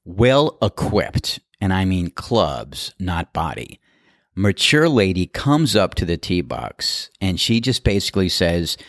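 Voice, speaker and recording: A golf course starter tells a story in a casual monologue, animatedly acting out the voices of the people involved. His voice is low-pitched, recorded cleanly in a studio with no room sound.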